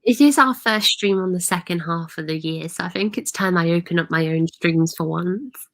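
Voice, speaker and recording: Low-voiced woman hosting a stream. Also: moderate pace, fairly bright tone, no echo, poor audio. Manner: greets viewers, chatty. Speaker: livestream host. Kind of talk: casual stream chat.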